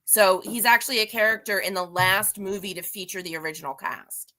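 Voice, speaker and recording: A guest reviewer with a mid-range, sharp-toned voice talks fairly quickly. She gives a casual, rambling recap of a comic book, chatty and self-deprecating, often restarting her sentences.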